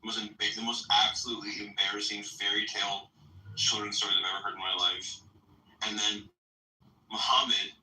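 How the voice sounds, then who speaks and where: A man's voice: fairly low pitch, flat delivery, a little fast, bright, forceful tone, roomy sound, far from the mic, a little hiss or hum, rough recording. A man arguing heatedly in a live-stream discussion, angry and profane with emphatic outbursts. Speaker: debate participant.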